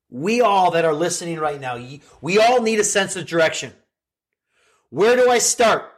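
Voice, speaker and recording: A middle-aged man with a high voice delivers an earnest motivational talk. He speaks straight to his listeners and keeps firing rhetorical questions at them, like a coach giving a pep talk. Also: a little fast. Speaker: podcast host and coach.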